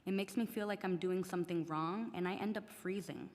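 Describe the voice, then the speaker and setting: A woman's voice: on the low side, brisk, a little mellow. A teenage girl, English not her first language, earnestly reading prepared testimony at a public hearing. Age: teen. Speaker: student testifying. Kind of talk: prepared testimony read aloud. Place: council chamber. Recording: long reverb of a large chamber.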